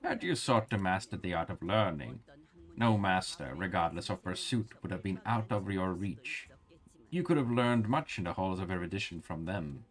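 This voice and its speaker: Guy doing a slow solemn old grandma matriarch, archaic talk, lowish voice. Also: expressive. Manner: slow, archaic, formal speech. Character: revered elderly matriarch grandmother, stately and solemn.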